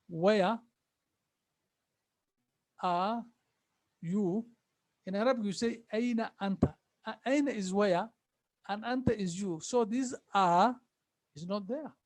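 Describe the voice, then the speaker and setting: A man teaching an Arabic class, repeating phrases slowly and patiently for his students. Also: high voice, a little mellow, no echo. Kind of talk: online language class.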